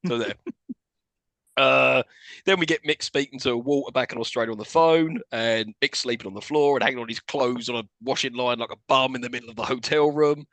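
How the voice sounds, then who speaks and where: A man co-hosting a film podcast in animated, incredulous casual chat, laughing often. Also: mid-range voice, brisk, no room sound. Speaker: podcast co-host.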